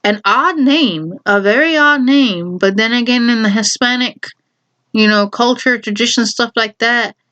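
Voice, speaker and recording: Animated woman telling a funny story. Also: on the high side, measured pace. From Chicago, USA. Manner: animated, laughing, self-correcting, acts out quotes. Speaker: vlogger. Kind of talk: casual storytelling. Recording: dull lo-fi recording.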